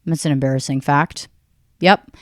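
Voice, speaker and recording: A woman in her thirties hosting a podcast, delivering a profane, deadpan, rambling solo comedy rant. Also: sits low, normal speed, dry recording, clean studio sound. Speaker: podcast host.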